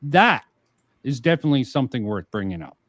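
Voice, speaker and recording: Mid-pitched man, streamer reading and scoffing at comments, sarcastic, dry dead sound with no room, casual commentary. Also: very animated, fairly quick, fairly bright tone, dry recording. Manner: sarcastic, reads comments aloud and rebuts them. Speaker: streamer host.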